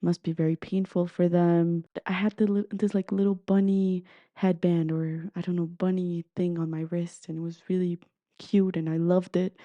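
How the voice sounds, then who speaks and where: A woman's voice: on the low side, little pitch movement, normal speed, dry recording, muffled recording. A woman podcast host telling a personal story in an earnest, emotive, heartfelt way.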